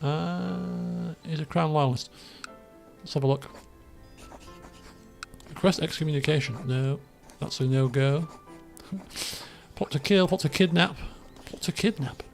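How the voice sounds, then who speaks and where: A man with a high, gravelly voice gives casual gameplay commentary over faint game music. He rambles with plenty of fillers and breaks into excited outbursts. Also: slow pace, pauses often. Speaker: let's play gamer.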